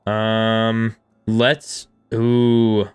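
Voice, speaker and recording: A man in his thirties streaming a game and chatting with his viewers in a casual, self-deprecating way, with quiet music underneath. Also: on the low side, monotone, very slow, smooth. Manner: chatty and self-deprecating, reading chat aloud. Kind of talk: casual live-stream chat over gameplay.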